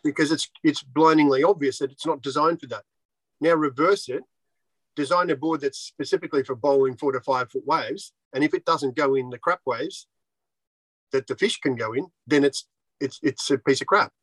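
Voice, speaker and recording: A man's voice: a little high, moderate pace, fairly bright tone, breathy edge, no echo, poor audio. A man who designs surfboards, talking bluntly and swearing freely in a casual interview. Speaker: surfboard shaper.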